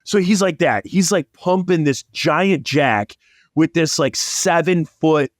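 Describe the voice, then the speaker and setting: A man telling a long story in casual chat, animated and rambling. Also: a little high, slow, dry recording, clean studio sound. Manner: animated, rambling, lots of likes.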